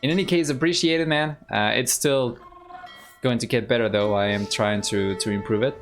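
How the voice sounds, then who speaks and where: With soft music playing behind him, a man from Argentina talks at a moderate pace in a medium-pitched voice, his Argentine accent reflecting his native Spanish. He's a streamer and caster calmly commentating a strategy game, thinking aloud and chatting with the audience.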